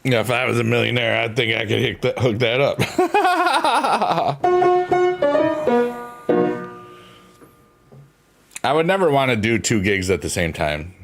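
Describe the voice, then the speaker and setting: A man's voice: fairly low pitch, fast, vocal fry, hardly any pauses. A man from New York rambling casually on a stream, meandering and playful as he talks to his chat. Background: piano music.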